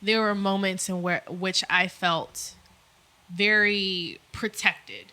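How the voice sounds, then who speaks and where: A woman's voice: medium pitch, fairly even intonation, slow, pushed and bright. A woman co-hosting a podcast, talking candidly and loosely in casual chat, swearing freely. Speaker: podcast co-host.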